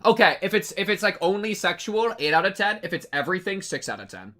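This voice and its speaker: Excitable young male streamer, bright voice. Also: high-pitched, quick pace, faint music behind. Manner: excitable, rambling, jokey, talks to chat; reads game text aloud. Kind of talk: casual game-reaction commentary.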